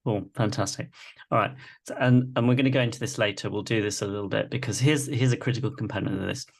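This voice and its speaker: Low gravelly guy teaching a live class on a video call, keeps saying right?. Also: steady tone, fast talker. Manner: reflective, repeats "right?" often. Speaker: workshop facilitator. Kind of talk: live online masterclass teaching.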